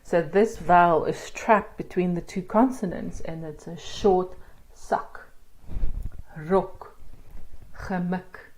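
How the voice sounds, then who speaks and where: A woman's voice: on the low side, measured pace, few pauses. A woman teaching an online language lesson, explaining step by step in a patient, encouraging way. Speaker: Afrikaans teacher.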